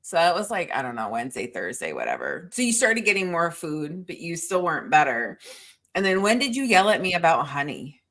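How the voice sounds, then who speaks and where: A woman's voice: deep voice, sing-song, a little fast, fairly bright tone. A middle-aged woman co-hosting a podcast, telling stories in a profane, exasperated casual chat. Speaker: podcast co-host.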